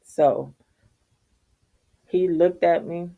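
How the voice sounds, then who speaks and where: A woman's voice: fairly low pitch, steady tone, extremely slow, creaky, narrow, tinny audio. A middle-aged woman, telling viewers a casual, profane story and laughing often. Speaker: vlogger.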